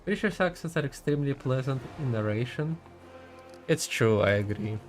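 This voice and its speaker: A man's voice: mid-range voice, expressive, moderate pace, faint music behind. A man giving casual gaming commentary as a streamer, chatty and giggly, rambling as he talks.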